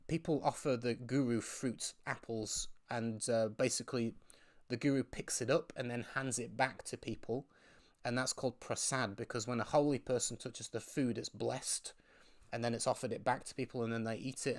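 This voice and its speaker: A man hosting a live question-and-answer stream, telling stories in a casual, rambling way with frequent restarts. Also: mid-range voice. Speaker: host.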